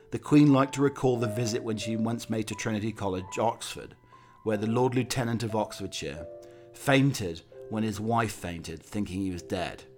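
A man reading a scripted documentary narration in a measured, anecdotal storytelling way. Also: lowish voice.

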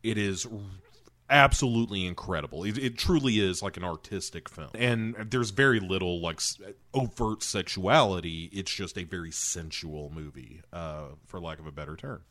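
A man's voice: deep voice, normal speed, a bit bright, dry recording. A man critiquing a film in a wry, joking way, laughing often and making pedantic corrections. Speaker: podcast co-host. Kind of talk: comedic movie discussion.

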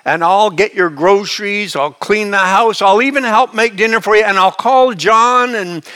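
A man's voice: sits high, moderate pace, sharp tone, clear, resonant tone. A male preacher voicing a reassuring middle-aged mother speaking on the phone, in a soothing, motherly way.

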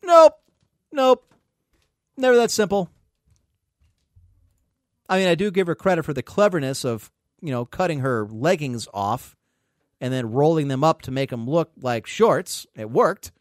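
Animated man telling a story, dry close sound. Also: fairly high pitch, normal speed, long pauses, dry recording. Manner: animated, profane, quotes others in raised voices. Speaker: podcast host. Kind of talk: casual storytelling.

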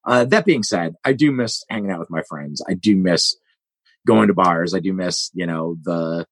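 A man's voice: low-pitched, normal speed, husky, no echo. A man co-hosting a podcast, talking casually in a rambling, chatty way with plenty of fillers. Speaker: podcast co-host.

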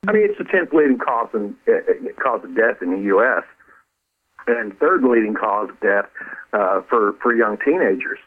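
Male author guest, earnest and halting, heard over a tinny phone line. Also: lowish voice, very animated. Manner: earnest, halting, repeats words. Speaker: author and former counselor, guest. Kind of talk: radio interview over the phone.

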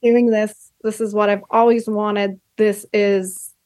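A woman's voice: medium pitch, flat delivery, takes it slowly, a little mellow, no room sound, studio quality. A young woman, a filmmaker guest on a podcast, talking in an emotional, gushing way that comes in fits and starts. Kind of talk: casual podcast chat.

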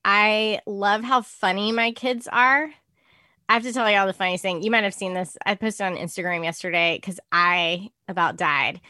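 Woman, guest mom, animated storyteller, crisp dry sound. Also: medium pitch, moderate pace, dry recording. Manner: animated storyteller, acts out her kids. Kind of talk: casual podcast chat.

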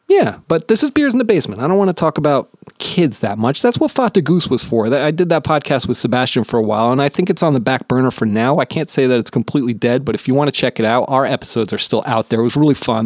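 A man's voice: mid-range voice, no room sound, clean studio sound. A man from New Jersey, around his thirties, hosting his own podcast in a rambling, profane, self-deprecating chat. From New Jersey, USA. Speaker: podcast host. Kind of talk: casual solo podcast chat. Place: home basement.

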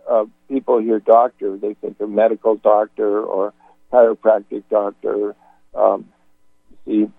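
Male radio host, halting and rambling, with a gravelly voice over a narrow, tinny line. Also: on the low side, no echo. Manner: rambling, hesitant with many fillers. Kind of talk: conversational radio talk. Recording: dry, phone-like radio audio.

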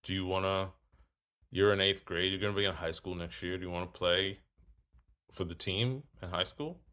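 A man's voice: low voice, normal speed. A man telling a story in casual talk, acting out both sides of a conversation. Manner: animated, acts out both sides of dialogue.

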